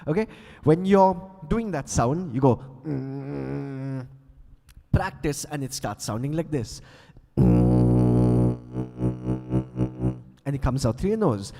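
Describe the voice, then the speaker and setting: A man's voice: a little high, animated, normal speed, mellow, faint music behind. A man teaching beatbox sounds on stage, playfully coaxing the audience to join in. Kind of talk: live stage workshop. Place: large conference hall. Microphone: handheld stage mic. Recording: long hall reverb.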